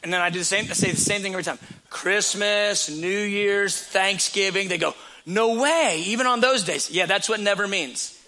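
A man's voice: sits high, steady tone, moderate pace, pushed and bright, a little hiss or hum. A man preaching a sermon as a pastor, talking in a conversational storytelling way with repeated phrases.

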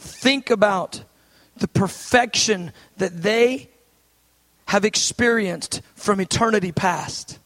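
A man in his thirties preaching a sermon with fervor, swinging between shouting and hushed asides. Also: sits high, slow.

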